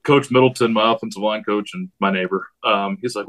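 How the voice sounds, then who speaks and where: A high school head football coach talking casually on a podcast, rambling and acting out what he yells at his players. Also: quick pace. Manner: rambling, animated storytelling with quoted yells.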